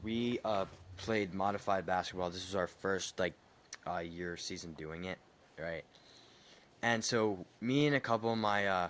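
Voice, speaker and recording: A young man chatting on a podcast, telling a story in a heated, animated way with some swearing. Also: deep voice, a little hiss or hum. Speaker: podcast co-host. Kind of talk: casual podcast chat.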